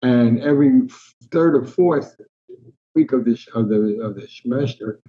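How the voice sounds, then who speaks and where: A man's voice: medium pitch, measured pace. An older man from New Jersey, a guest in an interview, telling stories and acting out the voices of the people in them. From Newark, New Jersey, US. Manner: animated raconteur, acts out quoted voices. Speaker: interview guest, sports columnist. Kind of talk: anecdotal storytelling in an interview. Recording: slightly dull lo-fi sound.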